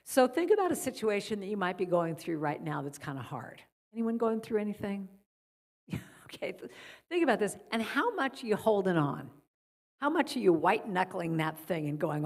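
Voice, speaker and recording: Gentle woman giving a spiritual talk. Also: medium pitch, expressive, moderate pace. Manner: gentle, guiding a breathing exercise then storytelling. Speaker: guest speaker. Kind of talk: spiritual talk at a church service. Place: church sanctuary.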